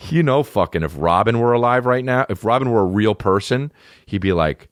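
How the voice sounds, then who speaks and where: A man's voice: fairly low pitch, expressive, a little fast, no room sound, clean studio sound. A man in his twenties hosting a comedy podcast in casual, profane, rambling chat, often slipping into goofy voices. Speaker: podcast host.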